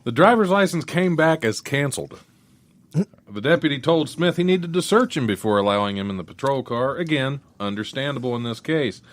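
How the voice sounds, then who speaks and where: A man's voice: medium pitch, lively intonation, fairly quick. A man hosting a casual comedy podcast, reading out strange news stories with wry asides and frequent laughter.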